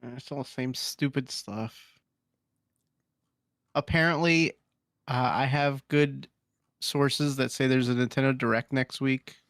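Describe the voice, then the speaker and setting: A man's voice: mid-range voice, fairly even intonation, unhurried, long pauses, a bit bright, no room sound, studio quality. A man hosting a casual gaming podcast, reading forum posts aloud with laughing asides. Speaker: podcast host.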